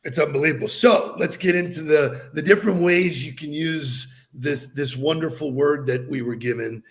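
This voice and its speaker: A man's voice: fairly high pitch, normal speed. A man co-hosting a podcast in casual chat, playful and laughing often. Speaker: podcast co-host.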